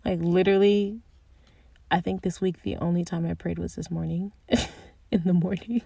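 A young woman speaking candidly and earnestly about her faith, thinking aloud with restarts and soft asides. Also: on the low side, level tone, moderate pace, vocal fry, slightly rough, no echo. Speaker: Christian speaker sharing personal reflections. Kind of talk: candid personal reflection.

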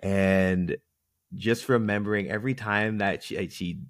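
Young male host, deep voice, dry close sound, attentive. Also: a little slow, dry recording. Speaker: interview host. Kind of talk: conversational interview.

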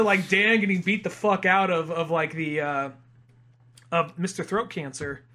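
A man's voice: high-pitched, steady tone, unhurried, pushed and bright. A young man co-hosting a podcast, chatting casually and profanely about a movie and acting out jokey bits. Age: young adult. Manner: profane, jokey, acts out villain lines. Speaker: podcast co-host. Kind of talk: casual movie-review chat.

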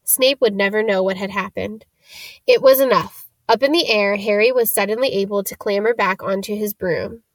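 A woman reading a novel chapter aloud in a steady storytelling manner. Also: mid-range voice, normal speed, no echo. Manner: steady storytelling, shifting into character voices. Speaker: audiobook reader.

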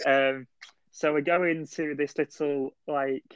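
A young man tells a rambling story in a slightly high voice, full of "like" and "um". The sound is dry and dead, with nothing of the room in it. It is a little dull and lo-fi. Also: fairly even intonation, slow pace, smooth, dry recording. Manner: rambling storyteller with many fillers. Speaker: podcast co-host. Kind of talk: casual chat, telling a dream story.

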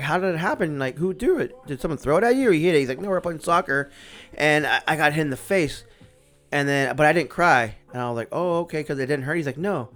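A man in his thirties hosting a casual podcast, telling a story with lots of swearing and acted-out quotes. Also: on the high side. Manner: animated storyteller, swears a lot, acts out quotes. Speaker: podcast host. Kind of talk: casual chat.

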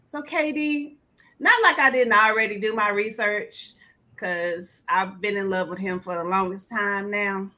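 A woman's voice: medium pitch, measured pace, sharp tone. Playful, emphatic woman podcast host. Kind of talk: casual podcast chat.

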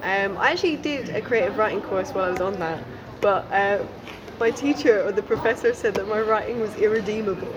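A woman's voice: medium pitch, fairly quick, dull audio, background noise. A young woman from Essex with an Irish-tinged accent, a guest chatting casually with many "likes" and "ums" in a library café. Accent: Irish-tinged English. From Essex, England. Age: young adult. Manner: casual, says "like" and "um" often. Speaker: guest writer. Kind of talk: casual interview chat. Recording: busy café crowd behind.

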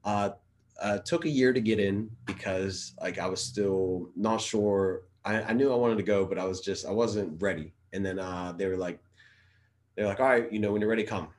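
A man's voice: lowish voice, normal speed, darkish tone. A man, a former Marine, telling stories in a rambling, profane, filler-heavy casual chat as a guest.

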